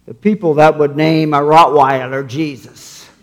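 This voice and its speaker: A man voicing a sly parrot that squawks, with a deadpan delivery and a long reverb in a sanctuary. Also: on the high side, measured pace, lightly acted.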